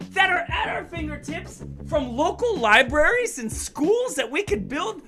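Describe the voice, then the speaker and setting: Speaking straight to her young audience, a kids' show presenter and magician runs a playful, lively online workshop and encourages the children to take part. She has a high-pitched voice with a fairly bright tone.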